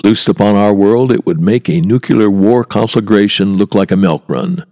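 A man's voice: fairly low pitch, moderate pace, warm tone, big-room sound. A man, a walking tour guide, hosting a podcast monologue in a wry, chatty way with rhetorical asides.

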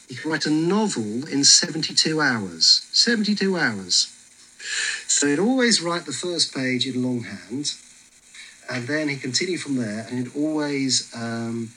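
A man leading a walking tour outdoors on a city street, telling stories in a lively way with frequent fillers. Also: medium pitch, a little hiss or hum, poor audio.

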